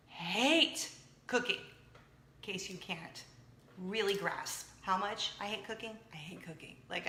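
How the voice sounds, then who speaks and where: A woman in her thirties hosting a casual chat show, excitable and jumping from point to point. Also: fairly high pitch, reverberant. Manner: chatty, excitable, jumps around. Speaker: show host.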